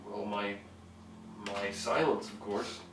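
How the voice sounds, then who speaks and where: Hesitant low-voiced man playing a tabletop game. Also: steady tone, slow pace, background noise. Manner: hesitant, stumbling over words. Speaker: tabletop player. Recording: echoey room from far off, music behind.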